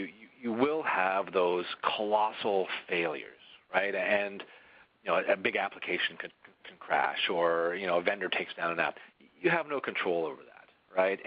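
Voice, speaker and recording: A software vendor's presenter, low-voiced, runs a webinar in a conversational style, frequently ending points with "right?" and starting sentences over. The sound is lo-fi.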